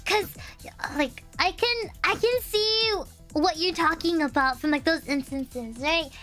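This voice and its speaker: A young woman guest in a casual chat, eager and quick to agree. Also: very high-pitched, pushed and bright, faint music behind.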